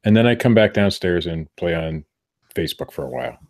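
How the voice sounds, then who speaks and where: In casual, rambling chat, a middle-aged man co-hosting a podcast from a room at home keeps interrupting himself mid-sentence. His deep voice is animated, and his pace is fairly quick.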